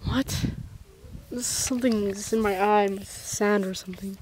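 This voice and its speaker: A woman's voice: medium pitch, steady tone, unhurried, darkish tone. A young woman from the Philippines acting in an amateur comedy skit, exclaiming bewildered questions. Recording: home video with clear background noise.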